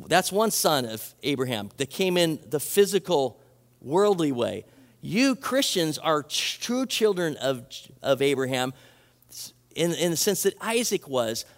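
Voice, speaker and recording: Animated high-voiced man preaching in hall. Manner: animated, acts out quoted voices, restarts. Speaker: pastor. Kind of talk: sermon.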